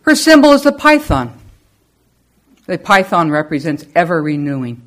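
A middle-aged woman giving a lively, storytelling spiritual talk to a congregation. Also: moderate pace. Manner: lively storyteller with animated pitch. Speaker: service leader.

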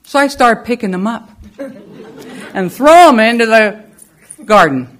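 A woman in middle age speaks to her congregation at a slow, deliberate pace. Her voice rises and falls in wide, animated swings as she tells her stories. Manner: lively storyteller with animated pitch. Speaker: service leader. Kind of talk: spiritual talk to a congregation.

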